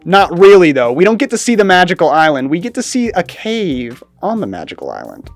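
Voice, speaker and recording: A woman chatting sarcastically as a movie reviewer, animated and mocking, with light music behind. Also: on the low side, a little fast, no echo. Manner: sarcastic, animated, mimics lines in exaggerated voices. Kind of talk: casual review chat.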